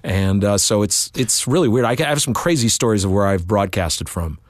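A middle-aged man with a low voice recounts his voiceover career in a relaxed interview. His delivery is animated and anecdotal, slipping into quick character voices. The sound is dry and close. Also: no room sound. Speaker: voiceover artist. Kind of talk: storytelling interview.

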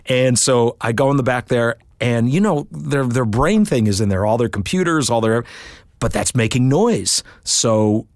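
A middle-aged man, a voiceover artist, telling work stories in an interview with animated asides and put-on voices. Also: medium pitch, normal speed, dry recording, clean studio sound. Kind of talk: storytelling interview.

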